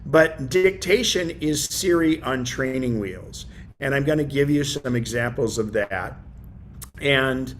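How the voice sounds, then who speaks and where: A man teaching a relaxed tech class over a video call, with a middling voice that wanders through fillers and restarts. A faint low rumble sits under his speech. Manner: rambling, lots of fillers and restarts. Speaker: class presenter.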